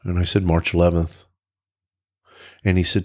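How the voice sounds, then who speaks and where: A man with a notably deep, low-pitched voice tells his personal recovery story as a podcast guest. He talks in a reflective, earnest way, circling back and restarting sentences as he goes. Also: level tone, moderate pace, long pauses.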